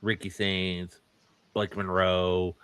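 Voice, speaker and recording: Bright, forceful-voiced co-host man. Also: deep voice, flat delivery, slow pace, clear, resonant tone, no room sound. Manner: opinionated, plain-spoken. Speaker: podcast co-host. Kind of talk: casual wrestling podcast chat.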